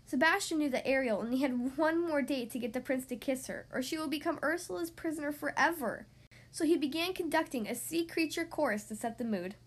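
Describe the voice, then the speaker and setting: Woman narrator, high voice, storybook read-aloud, slight stumbles. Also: fairly quick. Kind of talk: storybook reading.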